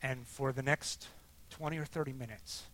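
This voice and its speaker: A middle-aged man giving a sermon-style personal testimony, moving between hushed, quiet moments and loud, emphatic bursts as he tells his story. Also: medium pitch, fairly even intonation, normal speed. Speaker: speaker sharing testimony.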